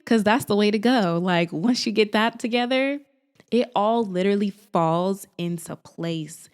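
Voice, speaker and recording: A woman talking to camera in a casual, encouraging vlog, animated and sassy, like a big sister, often breaking into laughs. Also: medium pitch, moderate pace. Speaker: faith and lifestyle vlogger.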